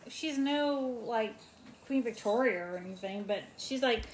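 A young woman co-hosting a casual recap chat, talking fast and acting out the quotes she retells. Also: on the high side, lively intonation, slight background noise. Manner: chatty, acts out quotes with emphasis. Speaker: podcast co-host.

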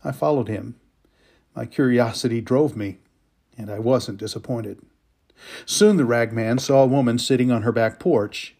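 Male storyteller, dramatic reading, slow emotive pacing, mid-pitched voice. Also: dark tone.

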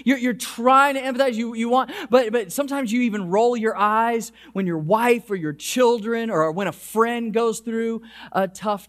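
A male pastor delivers his sermon in a high-pitched voice. He talks in an animated way, often restarting and repeating words, and his voice carries a lingering hall echo. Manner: animated preaching with frequent restarts. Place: church. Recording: hall reverb.

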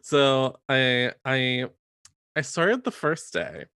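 A man's voice: mid-range voice, big pitch swings, extremely slow, sharp tone, clear, resonant tone, dry recording. A young man casually telling a long personal story, full of fillers and quotes he acts out. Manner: chatty, full of "like" and acted-out quotes. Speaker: podcast co-host telling a story.

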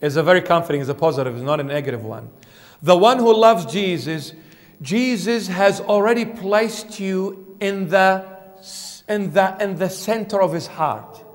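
High-voiced preacher in a reverberant church. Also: male voice, moderate pace. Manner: emphatic, questions the congregation directly. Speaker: bishop preacher. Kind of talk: sermon.

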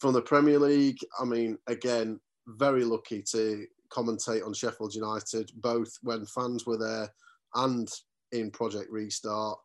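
A man's voice: lowish voice, flat delivery, a little slow. A man, a radio sports reporter and commentator telling stories as a guest in a casual podcast chat. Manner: reminiscing storyteller, chatty and earnest.

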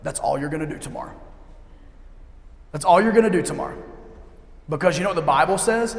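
A middle-aged man preaching a sermon as a pastor. He is emphatic and repeats key lines slowly for effect. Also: fairly high pitch, vocal fry. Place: church sanctuary. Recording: echoey hall with long reverb.

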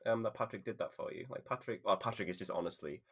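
A man's voice: deep voice, fast, creaky, fairly bright tone, slightly rough. A man hosting a podcast, chatty and encouraging toward his guest. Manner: chatty, laughs often, encouraging. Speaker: podcast host. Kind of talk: casual chat.

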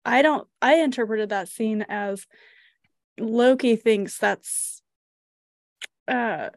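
A woman with a fairly high voice co-hosts a casual movie podcast. She retells scenes in an animated way and laughs easily. Her voice sounds close and dry. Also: takes it slowly, vocal fry, no room sound. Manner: animated storytelling, laughs often. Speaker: podcast co-host.

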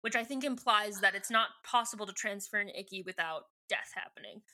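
A woman's voice: mid-range voice, brisk. A woman co-hosting a casual podcast, chatting playfully about a book and reading out its lines in little voices. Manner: playful, lively, often quotes characters in put-on voices. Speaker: podcast co-host. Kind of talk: casual book-club chat, acting out dialogue.

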